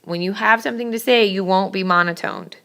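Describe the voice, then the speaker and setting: A woman teacher giving a classroom lecture on public speaking, brisk and direct, with scolding asides to her students. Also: mid-range voice, vocal fry, bright, forceful tone.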